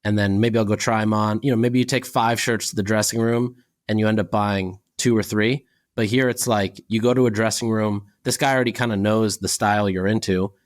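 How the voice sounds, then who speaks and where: A man co-hosting a podcast in casual chat, telling relaxed stories and acting out quoted exchanges. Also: on the low side, brisk. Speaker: podcast co-host.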